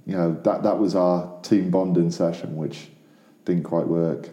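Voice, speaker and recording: Deep-voiced man in casual rambling chat. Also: steady tone, a little slow, mellow. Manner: rambling, lots of fillers. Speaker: podcast co-host. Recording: echoey room.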